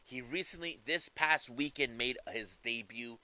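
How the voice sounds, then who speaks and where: A man casually commentating on wrestling news, talking in an animated, conversational way with restarts. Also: medium pitch, unhurried, poor audio.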